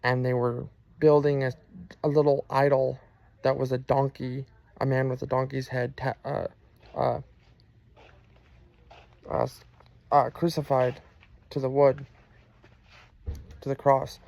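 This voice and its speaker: A man with a gravelly, creaky voice tells his personal testimony in an earnest, halting way. His pitch stays flat and even as he stops and restarts his sentences, with frequent fillers. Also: no echo. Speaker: person sharing a religious testimony.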